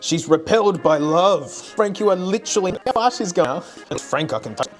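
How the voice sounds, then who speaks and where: A man's voice: sits high, animated, normal speed, soft background music. A man streaming and vlogging in casual chat, rambling and laughing often.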